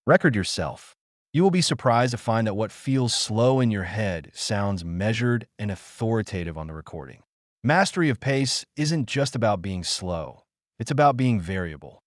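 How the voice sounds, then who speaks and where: A man narrating an audiobook with a fairly low voice that rises and falls with plenty of movement. His delivery is measured and emphatic, like a coach laying out steps. The recording is dry and close, with no room sound. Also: no echo.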